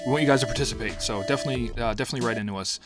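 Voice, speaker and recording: A man's voice: mid-range voice, rapid-fire, over music. A young man co-hosting a podcast, easygoing and chatty, often trailing off with fillers and laughing. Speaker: podcast co-host. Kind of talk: casual chat.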